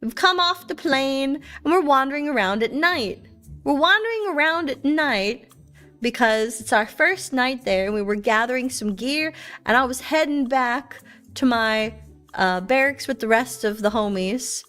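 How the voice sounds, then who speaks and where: Young woman streamer, high voice, playful storyteller, faint music bed. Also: expressive, a little slow, a bit bright. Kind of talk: casual chat with viewers.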